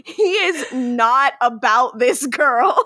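A woman co-hosting a casual podcast, recapping a show with lots of laughter, swearing and quick acted-out character lines. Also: high-pitched, expressive, pushed and bright, no room sound, clean studio sound. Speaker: podcast co-host recapping a TV episode. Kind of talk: casual chat.

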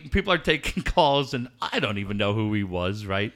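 A man hosting a radio talk show, telling lively anecdotes with laughter and quick impressions of other people. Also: fairly high pitch. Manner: animated, laughing, acts out voices in anecdotes. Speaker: radio host. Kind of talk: casual storytelling chat.

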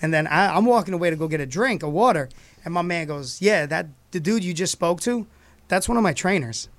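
A man co-hosting a casual podcast chat, an animated storyteller who laughs often. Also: high-pitched, fairly quick, no echo. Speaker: podcast co-host.

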